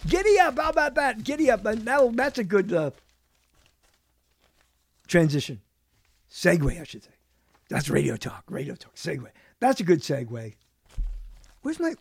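A man's voice: sits high, creaky, breathy edge, no room sound. A man hosting a radio talk show in a studio, rambling playfully from one bit of wordplay to the next with chuckles.

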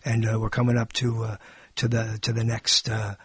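Husky, playful talk-show host rambling. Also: male voice, fairly low pitch, monotone, normal speed, no room sound. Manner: playful, digressive, bursts into singing and silly wordplay. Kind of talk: rambling comic monologue. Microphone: boom mic.

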